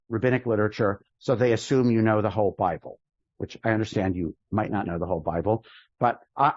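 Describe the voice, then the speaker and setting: A rabbi teaches a class in a relaxed lecture style, thinking out loud with restarts and rhetorical questions. His voice sits in the mid range, and the audio is dull with no echo. He's in a synagogue classroom connected to a video call.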